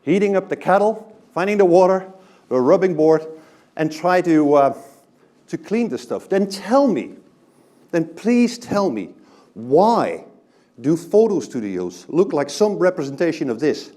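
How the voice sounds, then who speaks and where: Male speaker giving a live talk, warm mellow tone, very animated delivery, chatty asides to the audience. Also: on the high side, unhurried. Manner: conversational, often checks in with "right?". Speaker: presenter.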